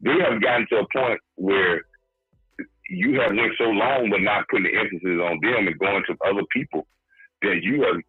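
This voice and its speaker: A man's voice: fairly low pitch, moderate pace, no room sound. A man co-hosting a sports podcast, lecturing emphatically on football and repeating his points. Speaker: podcast co-host. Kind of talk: sports talk analysis. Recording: husky phone-like line, faint music.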